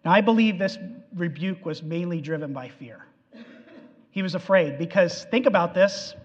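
Animated man preaching a sermon, pretty high voice, echoey hall. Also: normal speed, breathy edge. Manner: animated storytelling, acting out quotes. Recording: echoey hall, dull lo-fi sound.

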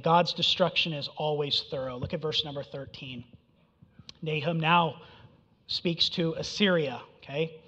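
Preacher with conversational "right?" asides. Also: male voice, fairly high pitch, a bit bright. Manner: conversational, frequent "right?" and "okay?" check-ins. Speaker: pastor. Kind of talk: sermon. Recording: dull sound with long reverb in a hall.

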